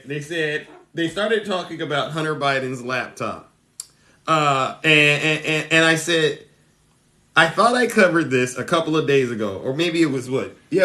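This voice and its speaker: A man hosting a satirical live stream, talking in a mock-earnest, animated way that rises excitedly as he retells stories. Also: a little high, slight background noise.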